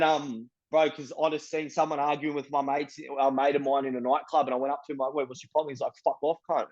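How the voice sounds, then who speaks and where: A young man with a broad Australian accent tells his story in blunt, profane street slang, acting out the voices of everyone involved. His voice sits a little high for a man. The recording sounds slightly muffled and dull. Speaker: interviewee. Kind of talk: casual storytelling.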